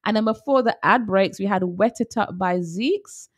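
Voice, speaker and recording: A woman's voice: medium pitch, normal speed. A woman co-hosting a casual radio show, bantering playfully and laughing often. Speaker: radio co-host.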